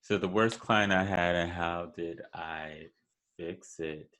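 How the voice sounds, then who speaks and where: A man hosts a casual podcast conversation, answering questions with laid-back, measured storytelling. His voice sits very low, and he speaks at an unhurried, slow pace. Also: fairly even intonation, bright, forceful tone. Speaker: podcast host, wedding photographer. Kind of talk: casual interview chat.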